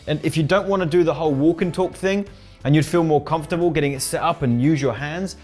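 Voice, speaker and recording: An energetic male coach giving a to-camera lesson on video ads, his voice pitched a little high. He keeps pressing his points home with quick tag questions. Soft guitar music plays faintly underneath. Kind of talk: instructional talk to camera.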